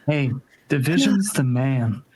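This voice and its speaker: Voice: medium pitch, expressive, slow pace, dark tone, slightly rough, low-quality recording. A player in a tabletop game with a dry, teasing delivery. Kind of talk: tabletop role-play.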